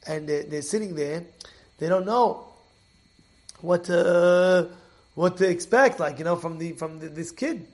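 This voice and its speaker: A man teaching a Torah class as an animated storyteller who repeats and restarts his phrases. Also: high voice, measured pace, long pauses.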